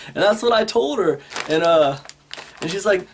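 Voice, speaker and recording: A man's voice: sits high, animated, fast talker, a little hiss or hum. A man vlogging an angry warning to viewers, cussing freely and retelling a phone call in a heated, exasperated way. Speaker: product review vlogger. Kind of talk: angry rant to camera.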